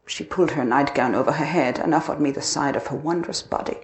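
A woman narrating a dark first-person literary story, expressive and dramatic. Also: deep voice, fast talker, few pauses.

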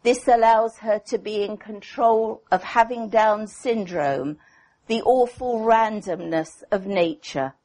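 A woman psychotherapist reading a prepared clinical paper aloud in a measured, deliberate way. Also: mid-range voice, darkish tone.

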